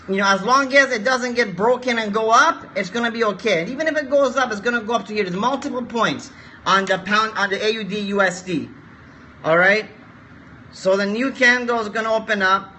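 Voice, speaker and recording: A man's voice: high voice, bright, forceful tone, slight background noise. A man streaming live forex chart analysis, coaxing viewers to share and repeating his points.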